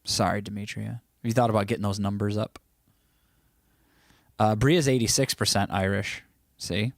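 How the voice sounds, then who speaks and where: A man's voice: on the low side, steady tone, moderate pace, no echo, studio quality. A man hosting a livestream, chatting loosely and reacting to viewers' comments, his throat a little scratchy. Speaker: livestream host. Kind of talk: casual chat reading live comments.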